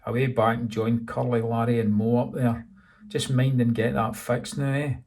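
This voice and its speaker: A man voicing a big male bouncer who makes calm, mocking threats. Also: mid-range voice, normal speed, recorded from a distance, close to an everyday voice. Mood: menacing.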